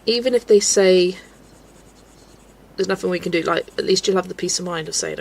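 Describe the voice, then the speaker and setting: A woman's voice: fairly low pitch, brisk, gravelly, a little hiss or hum. A woman chatting casually at home while colouring on a livestream, answering chat and often breaking into giggles. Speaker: livestream host.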